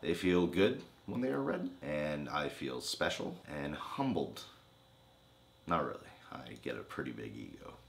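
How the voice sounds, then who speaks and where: Very low-voiced man, crude joking chat. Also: measured pace, creaky, slight background noise. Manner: crude teasing banter, deadpan jokes. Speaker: co-host of a trailer reaction channel.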